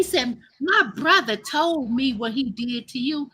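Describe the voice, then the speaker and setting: Middle-aged woman host, AAVE, animated live-stream storyteller with a high, bright voice. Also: takes it slowly, a little hiss or hum. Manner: animated, laughing, addresses listeners as y'all. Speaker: host telling a childhood story.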